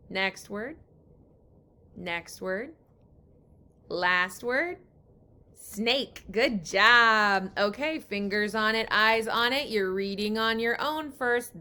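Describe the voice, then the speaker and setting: A woman teaching young children to read, giving slow and encouraging guidance. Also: on the high side, pushed and bright, smooth. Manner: slow, encouraging, with drawn-out words. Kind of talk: guided reading lesson for young children.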